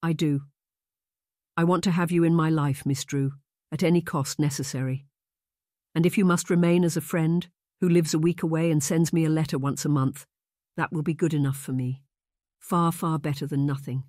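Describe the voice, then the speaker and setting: A man's voice: on the high side, fairly even intonation, moderate pace, darkish tone, no room sound, natural voice. Guy reading a lovesick young marquis, earnest and begging, formal old timey talk, dry sound. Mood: tender. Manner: earnest, pleading, formal period speech.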